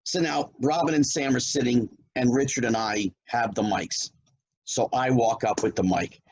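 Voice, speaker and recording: A man's voice: medium pitch, moderate pace, a little hiss or hum, poor audio. A middle-aged man from New Jersey, a former child actor, telling a story in casual chat and acting out the lines of the people in it. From New Jersey, United States. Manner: animated storyteller who acts out quoted lines.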